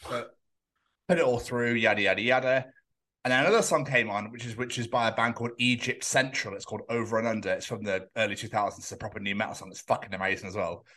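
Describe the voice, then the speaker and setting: A man co-hosting a podcast in casual chat, telling sweary, animated stories and acting out what other people said. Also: fairly low pitch, quick pace. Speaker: podcast co-host.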